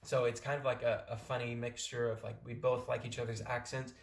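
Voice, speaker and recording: A man's voice: medium pitch, level tone, a little fast, gravelly, roomy sound. A young American man from California giving casual, rambling advice in a vlog. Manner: rambling, many restarts and fillers. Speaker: vlogger.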